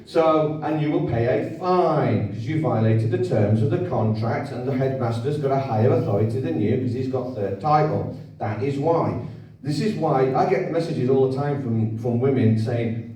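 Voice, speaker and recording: A man speaks at a public event and keeps checking in with the audience. His voice is mellow and middle-pitched. He sounds distant from the mic, and the hall around him is very echoey. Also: expressive, moderate pace. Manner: conversational, repetitive, asks the audience for agreement. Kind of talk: informal lecture to an audience.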